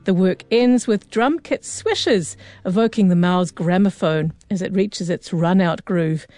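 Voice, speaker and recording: A woman reading a scripted introduction to a concert program in a smooth, descriptive way. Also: on the low side, a little slow, mellow, no room sound. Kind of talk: scripted narration.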